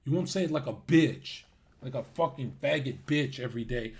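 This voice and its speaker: A young man ranting crudely on a livestream, mocking his viewers and swinging between loud outbursts and muttered asides. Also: mid-range voice, moderate pace.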